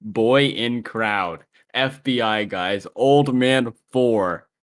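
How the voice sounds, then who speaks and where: A man's voice: mid-range voice, extremely slow, no echo. A young man co-hosting a live stream in casual chat, chuckling as he reads out long lists, with hesitant restarts. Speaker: stream co-host.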